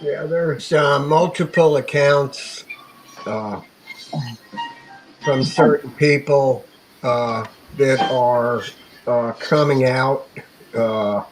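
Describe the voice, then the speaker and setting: Slow, hesitant man on a stream. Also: medium pitch, soft background music, poor audio. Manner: hesitant, many fillers. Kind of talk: casual live-stream chat.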